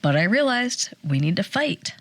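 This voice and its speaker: A woman in her forties, a podcast co-host telling a personal story in casual chat, animated and acting out the quotes. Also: mid-range voice, dry recording. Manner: animated storyteller, acts out quotes, fast bursts.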